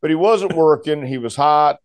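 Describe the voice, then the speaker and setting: A man, a former wrestler, telling a story in a casual chat, animated and laughing often as he acts out the voices. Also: fairly high pitch, normal speed, smooth, no room sound.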